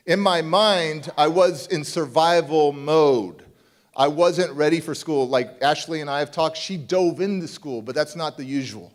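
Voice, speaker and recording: A middle-aged man speaks as a motivational speaker on a conference stage. His voice sits a little high for a man, and he tells his story with plenty of animation. He drops into playful voices for his younger self. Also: normal speed. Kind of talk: keynote talk at a youth summit. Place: conference stage before a live audience.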